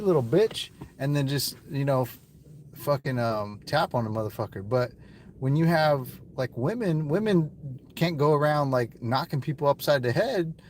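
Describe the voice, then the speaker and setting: Emotional male interviewee outdoors, halting and profane, near tears. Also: medium pitch, slight background noise. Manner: halting, repeats words, heavy swearing.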